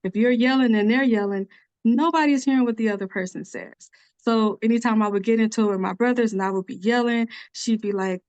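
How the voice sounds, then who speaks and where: A soft-spoken, even-tempered woman speaking as a guest on a podcast, chatting casually and laughing now and then. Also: medium pitch, fast, no echo. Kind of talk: casual conversational interview.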